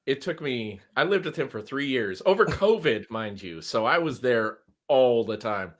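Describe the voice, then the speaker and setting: A man's voice: medium pitch, lively intonation, normal speed. A laid-back man on a video call, chatting casually and laughing easily. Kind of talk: casual chat on a livestream.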